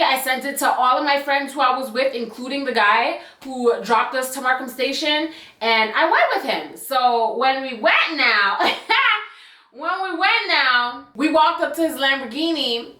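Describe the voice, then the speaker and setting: A young woman telling a personal story to her channel in a chatty, animated way full of slang and asides. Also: high-pitched. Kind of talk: casual storytime. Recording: echoey room.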